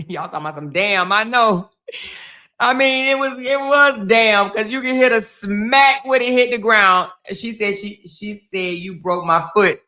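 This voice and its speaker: Chatty woman livestream host, bright voice. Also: on the high side. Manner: chatty, talks straight to viewers. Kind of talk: live commentary reacting to a video, chatting with viewers.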